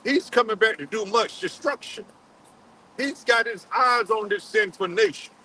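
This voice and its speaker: A man preaching a sermon in a halting, repetitive way, full of fillers, and calling on another man to read scripture aloud. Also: extremely high pitch, very animated, vocal fry, bright, forceful tone, low-quality recording. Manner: halting, repeats words, many fillers, calls on a reader. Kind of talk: street-style sermon with scripture reading.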